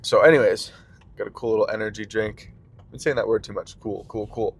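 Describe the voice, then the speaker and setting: A man's voice: on the low side, steady tone, a little fast, a little hiss or hum. A man who runs a small business rants casually while driving his car, full of fillers and jumping between tangents. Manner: rambling, filler-heavy, jumps between tangents. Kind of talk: casual vlog rant.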